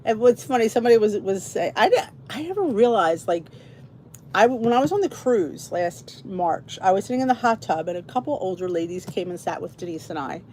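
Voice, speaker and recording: A middle-aged woman with a Philly accent, from the Philadelphia area, hosts a podcast with a warm, animated, mid-range voice that runs a little fast. She rambles chattily to her viewers with many restarts and asides, and there's a little hiss or hum in the audio.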